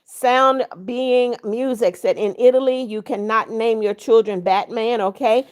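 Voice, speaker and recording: A woman hosts her own livestream, reading out viewer comments one by one and replying in a casual way. Her voice sits a little high, and she stays firm and blunt as she warns rule-breakers. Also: steady tone, measured pace, clean tone. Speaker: livestream host.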